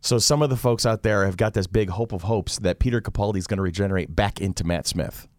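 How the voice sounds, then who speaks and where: A man hosting a casual group podcast, telling stories with excitement while fighting off a cold. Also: on the low side, fast, no room sound, studio quality. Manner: excitable, animated storyteller. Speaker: podcast host.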